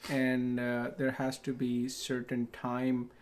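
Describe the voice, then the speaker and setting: Male guest, first language Punjabi, mid-pitched, easygoing conversational delivery. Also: slow. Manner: relaxed, conversational, frequent "right?" tags. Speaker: guest, business owner. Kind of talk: casual conversation.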